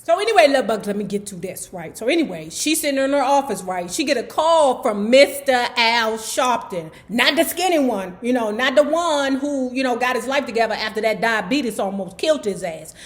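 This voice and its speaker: Sassy chatty woman, higher voice. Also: lively intonation, normal speed, few pauses. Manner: chatty, sassy asides to viewers. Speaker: book club host. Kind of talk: casual storytelling book commentary.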